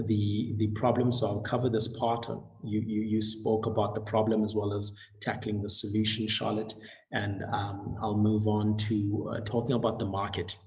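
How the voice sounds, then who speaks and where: Male webinar moderator, low voice, halting delivery full of fillers. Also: darkish tone. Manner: halting, many fillers and restarts. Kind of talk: hesitant online webinar chat.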